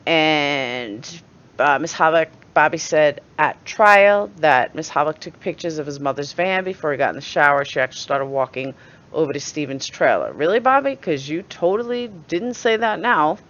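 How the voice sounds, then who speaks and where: A woman's voice: low voice, expressive, normal speed, fairly bright tone, dull audio. Blunt, swearing New York woman. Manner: blunt, sarcastic, swears freely. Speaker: channel host. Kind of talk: opinionated commentary.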